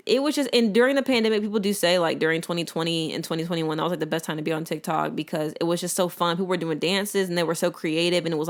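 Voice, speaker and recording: A young woman hosting a solo podcast, talking casually and opinionatedly straight to her listeners. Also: deep voice. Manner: animated, opinionated, colloquial, talks straight to listeners. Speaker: podcast host.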